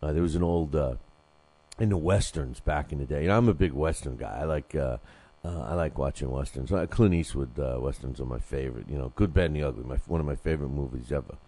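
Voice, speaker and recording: A man's voice: very deep voice, quick pace, warm tone. An older man hosting a boxing podcast, rambling loosely through sponsor reads with jokes and lots of fillers. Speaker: podcast host reading sponsor ads. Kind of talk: casual boxing podcast talk.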